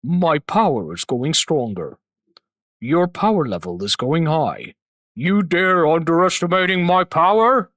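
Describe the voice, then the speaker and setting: An arrogant god of destruction, put on by a man, boasts of supreme power and threatens anyone who dares challenge him. The voice sits lower than the speaker's own and comes across bright and dry. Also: expressive, unhurried, dry recording. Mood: menacing.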